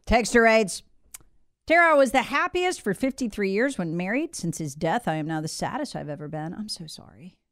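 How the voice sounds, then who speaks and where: A woman's voice: mid-range voice, moderate pace, no echo, studio quality. A woman hosting a talk show, delivering an emphatic, opinionated monologue and reading out listener comments. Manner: animated, conversational, emphatic.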